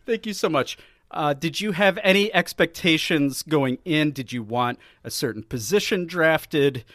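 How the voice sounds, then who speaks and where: Bright, lively man joking about football. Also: fairly high pitch, a little slow, dry recording, clean studio sound. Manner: joking, sarcastic, laughs often. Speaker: podcast co-host. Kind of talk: casual sports chat.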